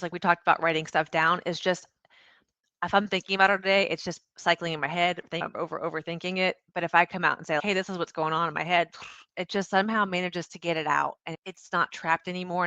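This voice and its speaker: A founder and CEO, appearing as a podcast guest, talks casually in an interview and animatedly acts out bits of quoted dialogue. Her voice is lowish, and there's no echo.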